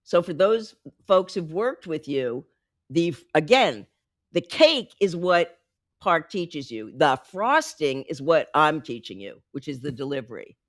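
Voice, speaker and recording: A woman who coaches executives on speaking, talking with lively, emphatic emphasis in a podcast interview. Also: sits low, unhurried, no echo, clean studio sound. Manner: lively, emphatic, teaching by example. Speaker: executive communication coach, guest.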